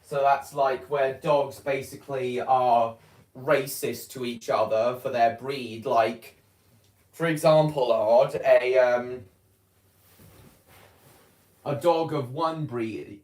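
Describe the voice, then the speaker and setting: A man talks casually at an ordinary middle pitch, stopping and restarting his sentences, often filling gaps with "um" and "uh". His voice bounces around a room with a noticeable echo. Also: fairly even intonation, slow, a little mellow. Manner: rambling, hesitant, many fillers and restarts. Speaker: vlogger. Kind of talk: casual chat. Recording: roomy echo.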